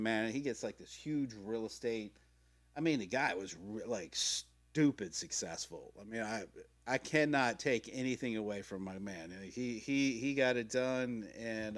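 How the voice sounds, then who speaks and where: A man's voice: medium pitch, a bit bright. A middle-aged man hosting a podcast, telling his story in a rambling, slangy way, swearing freely and acting out quotes. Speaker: podcast host. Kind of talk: casual personal storytelling. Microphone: podcast mic.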